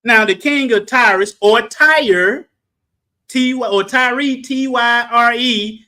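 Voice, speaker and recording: A man leading an animated Bible study, preaching with shouted exclamations and joking asides. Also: extremely high pitch, slow pace. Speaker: Bible teacher.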